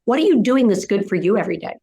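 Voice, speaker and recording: A woman's voice: medium pitch, lively intonation, rapid-fire, gravelly, dark tone, slightly rough. An older woman, a dementia care educator, answering interview questions in an emphatic way, repeating phrases in short rhythmic runs and acting out caregiver scenes. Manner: acts out caregiver scenarios mid-answer.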